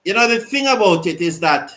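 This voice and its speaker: Male host, high voice, excitable live cricket commentary and comment reading. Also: a little fast, rough recording. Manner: excitable, reads viewer comments aloud. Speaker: host of a cricket watch-along.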